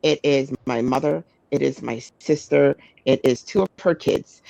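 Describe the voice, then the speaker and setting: Woman, 30s, podcast co-host. Animated, profane storyteller, dry close mic. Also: rumbling low, normal speed, gravelly, no room sound, low-quality recording. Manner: animated, profane, frequent restarts. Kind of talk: casual storytelling chat.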